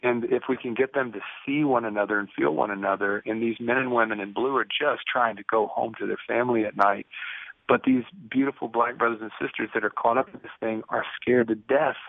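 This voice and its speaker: A prison ministry speaker in his fifties is a guest in a conversational phone interview, telling stories earnestly and acting out the dialogue. His mid-range voice is fairly quick with fairly even intonation and vocal fry. There's no room sound, but the phone line is tinny.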